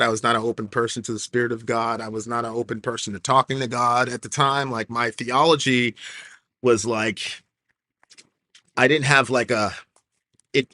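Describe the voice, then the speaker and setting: A man in an interview earnestly telling a personal faith story, halting and restarting often with "like" fillers. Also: mid-range voice, bright, forceful tone, no room sound, studio quality. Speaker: interview guest. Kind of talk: emotional personal testimony.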